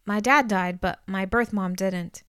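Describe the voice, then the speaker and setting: A calm, reserved young man from a storybook, as a woman reads him, with plain, quiet replies. The sound is dry and close, and the pitch sits in a middle range. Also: unhurried, clear, resonant tone, no echo, natural voice.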